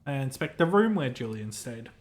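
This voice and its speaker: A man's voice: medium pitch, big pitch swings, normal speed, natural voice. A man voicing a male special agent investigating murders in a game, asking plain, direct questions.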